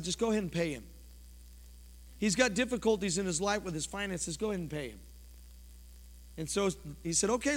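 A pastor preaching a sermon in a church, his delivery impassioned and swinging from loud to quiet. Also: high voice. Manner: impassioned preaching, rising and falling sharply. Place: church sanctuary. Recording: long church reverb.

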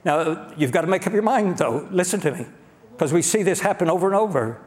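A pastor preaches in a church sanctuary with a high, expressive voice and a fairly quick pace. His style is folksy and direct, and he frequently checks in with his congregation, all under a long church-hall reverb.

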